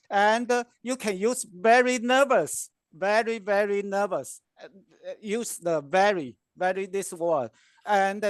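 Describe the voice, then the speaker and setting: A woman speaking as a gives a grammarian's report, dwelling slowly on each word and repeating herself. Her pace is very slow and unhurried. The sound is dry and close. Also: medium pitch, no room sound. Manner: slow, halting, repeats words while giving feedback. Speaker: grammarian at a speaking club meeting. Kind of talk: meeting report on word usage.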